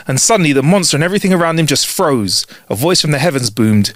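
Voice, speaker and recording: Lively man laughing through jokes. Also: fairly high pitch, quick pace, few pauses, no room sound. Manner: laughs often, exuberant. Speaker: podcast co-host. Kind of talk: casual chat, reading jokes aloud.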